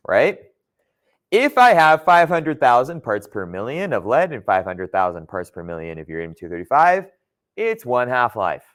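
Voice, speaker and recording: A man's voice: medium pitch, fairly bright tone. A man teaching a geology class in a conversational lecture style, often checking in with his students. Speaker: geology instructor.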